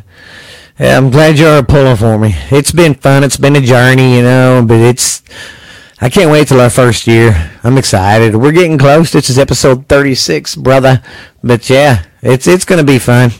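A man's voice: mid-range voice, normal speed, no room sound. A man hosting a podcast, chatting casually and laid-back, full of fillers, calling his guest cuz. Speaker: podcast host.

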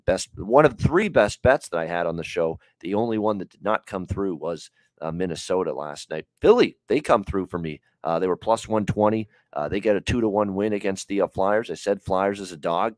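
Man, low voice, solo betting podcast, loose rambling delivery, dry close mic. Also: a little fast, dry recording. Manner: rambling, filler-heavy, conversational. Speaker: sports betting show host.

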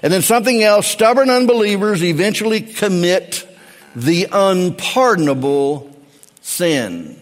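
A man's voice: sits high, animated, measured pace, faint music behind. Middle-aged male pastor preaching in reverb. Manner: emphatic preaching that swings between raised and hushed delivery. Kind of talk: sermon.

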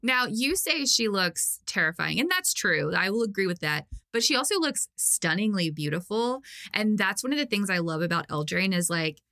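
A woman's voice: mid-range voice, big pitch swings, moderate pace, few pauses, pushed and bright. A woman co-hosting a podcast, chatting enthusiastically with lots of fillers. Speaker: podcast co-host. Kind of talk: casual chat.

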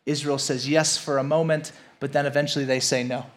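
A man's voice: mid-range voice, fairly quick. A young adult man from Louisiana preaching a sermon as pastor, telling stories and building to emphatic points. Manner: animated storytelling, acts out quotes, rises to emphatic preaching.

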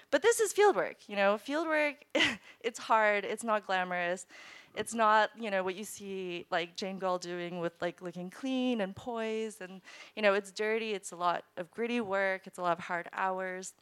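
A woman scientist telling a personal story live on stage, lively and chatty, laughing often and using many "like" fillers. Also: medium pitch, normal speed, smooth. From United States. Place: live stage show before an audience.

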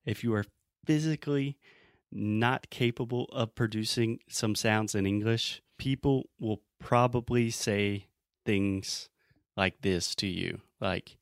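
Male English teacher, mild Southern twang, lowish voice, dry close sound, explains by acting out examples. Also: takes it slowly, clean tone, no room sound. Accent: mild Southern American. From Southern United States. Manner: explanatory, acts out example lines. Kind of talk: podcast conversation lesson.

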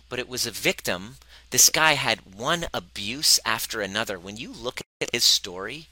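A man coaching a live workshop audience, animated and profane, who speaks to them directly and acts out the voices of the people he quotes. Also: lowish voice, low-quality recording. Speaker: relationship coach.

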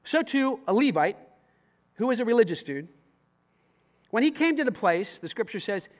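A man preaching a sermon to a congregation in a church, animated and conversational with casual slang. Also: high voice, normal speed. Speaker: pastor.

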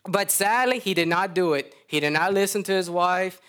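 A man's voice: sits high, normal speed, fairly bright tone. A man preaching, retelling a story in a folksy, chuckling way. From Louisiana. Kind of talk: storytelling sermon.

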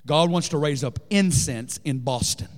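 Male preacher with a slightly high voice, fervent sermon delivery, recorded in a big echoing hall. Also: moderate pace. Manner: fervent, builds to shouting peaks. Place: large church hall. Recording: long reverb in a large hall.

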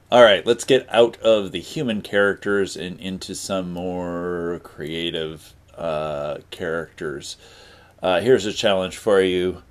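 Low-voiced man interviewer, halting. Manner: halting, filler-heavy, friendly prompts. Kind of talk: casual interview. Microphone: call recording.

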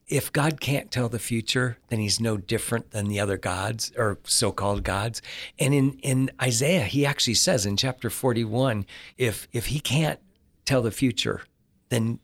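A man, a scholar on a podcast, explaining casually with chuckles and frequent restarts. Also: medium pitch. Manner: chuckling, self-interrupting with restarts. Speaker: Old Testament scholar.

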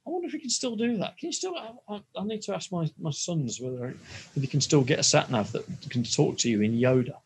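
A man's voice: fairly high pitch, lively intonation, fast, breathy edge. A man in casual podcast chat, joking around and mimicking gadget voices. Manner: playful, jokey, mimics voices. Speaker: podcast co-host.

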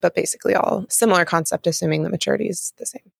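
A woman co-hosting a podcast in casual chat, animated and gushing, laughing between phrases. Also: fairly low pitch, rapid-fire, vocal fry, no echo, clean studio sound. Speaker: podcast co-host.

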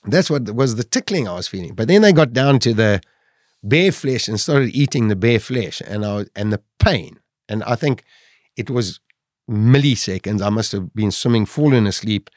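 A man's voice: lowish voice, expressive, normal speed, a little mellow, dry recording, clean studio sound. Man telling a survival story. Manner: vivid retelling, acting out his own inner voice. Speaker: podcast guest. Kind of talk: dramatic personal storytelling.

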